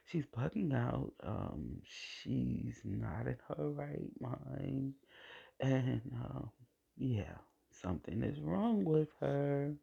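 A woman's voice: very deep voice, big pitch swings, drawn-out words, vocal fry, mellow, breathy edge, dull audio. A woman sharing a personal faith testimony in a vlog. She repeats phrases for emphasis and sometimes drifts into a whisper. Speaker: vlogger sharing her faith.

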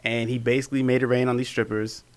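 A man's voice: mid-range voice, flat delivery, quick pace. Man, podcast co-host, casual chat, chatty, laughs often.

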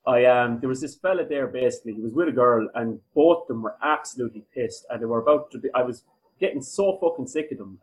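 A man's voice: mid-range voice, quick pace, rough recording. A young Irish man hosting a podcast, chatty and swearing freely. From Ireland. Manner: chatty, swears freely, laughs while telling stories. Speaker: podcast host. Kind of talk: casual chat.

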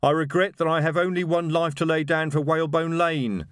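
A man's voice: high voice, normal speed, no echo, studio quality, pitched above the performer's own voice, lightly acted. A man doing a fussy would-be revolutionary. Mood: theatrical.

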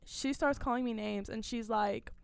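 A teenage girl and podcast guest, telling a work story in a casual, animated way, full of "like" and acted-out dialogue. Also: on the high side, normal speed, vocal fry, clean tone, no room sound. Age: teens. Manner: animated, filler-heavy retelling with quoted dialogue.

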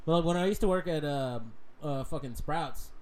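A man's voice: a little high, moderate pace. A young man in casual, crude podcast banter, swearing often and laughing. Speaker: podcast co-host. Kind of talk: casual chat.

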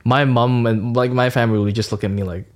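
A young man co-hosting a podcast, chatting in a relaxed, frank way and dropping into quiet asides. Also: mid-range voice, quick pace. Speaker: podcast co-host. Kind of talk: casual chat.

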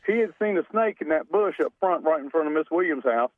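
A man's voice: fairly high pitch, lively intonation, no room sound. A man, calling in to a radio show and telling long, folksy, rambling stories. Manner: folksy, drawn-out, rambling anecdotes. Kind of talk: storytelling on a call-in show. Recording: tinny phone line, dry.

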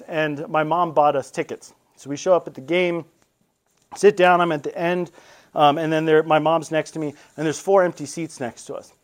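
Lively, higher-voiced male storyteller. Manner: lively, casual, animated storytelling. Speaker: convocation speaker. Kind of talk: storytelling speech.

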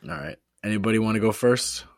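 A man hosting a sports podcast, excitable and playful, hyping the show between casual chat. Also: fairly low pitch, quick pace, gravelly, dry recording, clean studio sound. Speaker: podcast host.

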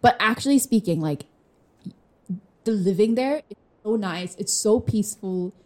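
A woman's voice: mid-range voice, expressive, unhurried, darkish tone. A young woman co-hosting a podcast in casual chat, candid and full of fillers. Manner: chatty, filler-heavy, candid and laughing. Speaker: podcast co-host. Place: room with a glass wall.

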